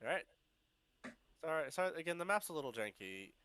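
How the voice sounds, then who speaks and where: A man runs a tabletop session over a voice call, describing the scene in a loose, laughing way. His voice is bright and forward, recorded close and dry with no room around it. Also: a little high, very animated, brisk, dry recording. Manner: casual, laughs often, restarts phrases. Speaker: game master. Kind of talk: narrating a tabletop game over voice chat.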